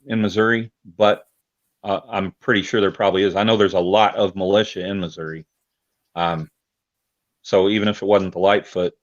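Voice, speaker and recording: Deep-voiced Indiana man on a dull call. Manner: hesitant, many ums and restarts. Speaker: guest, militia member. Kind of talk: casual interview over a video call. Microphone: video call.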